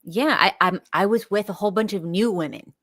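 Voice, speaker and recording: Soft-spoken woman on a call. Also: mid-range voice, fairly quick, dry recording, clean studio sound. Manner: quiet, soft-spoken, short answers. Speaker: guest caller. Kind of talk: casual chat on a call.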